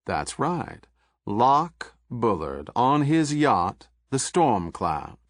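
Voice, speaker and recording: A man voicing a suave federal agent with a Southern accent, smooth, pleasant and coolly polite. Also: mid-range voice, very animated, extremely slow, no room sound, clean studio sound, exaggerated voice.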